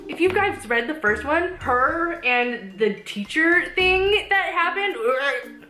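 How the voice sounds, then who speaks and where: A young woman in a casual, exasperated book review rant, animated and full of "like". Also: sits high, slow, echoey room, soft background music. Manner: animated, exasperated, says "like" often. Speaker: book vlogger.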